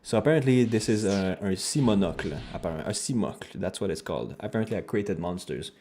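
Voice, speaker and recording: Guy streaming, casual chat, swears a lot, kinda low voice. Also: fast, slight background noise. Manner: animated, joking, swears casually.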